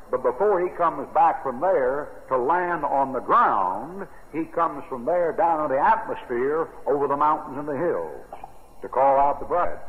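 An older American man preaching a sermon on Bible verses in a folksy, rambling way. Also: medium pitch. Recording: tinny old radio broadcast with long reverb.

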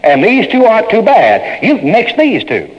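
A man's voice: high-pitched, wildly swooping pitch, measured pace. A man preaching a sermon in an emphatic, folksy way, speaking straight to the congregation. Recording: dull lo-fi sermon tape in a reverberant hall.

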